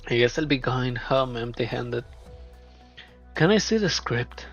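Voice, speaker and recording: A man voicing a shrewd, flamboyant female film producer who talks in a smooth, probing, flattering way. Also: mid-range voice, measured pace. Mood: coaxing. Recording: dull lo-fi, faint music.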